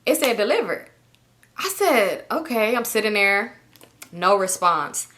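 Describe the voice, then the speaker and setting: Young woman, bright voice, higher pitch, animated profane storytime. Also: measured pace. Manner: animated, profane, acts out her own past texts and thoughts. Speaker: storytime vlogger. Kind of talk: casual storytelling to viewers.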